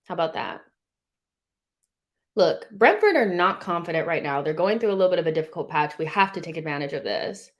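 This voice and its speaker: A woman hosting a live football watchalong, chatting casually and shouting with excitement when her team does well. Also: lowish voice, a little fast. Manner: excitable, shouts at big moments, swears casually. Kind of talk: live match commentary with viewers.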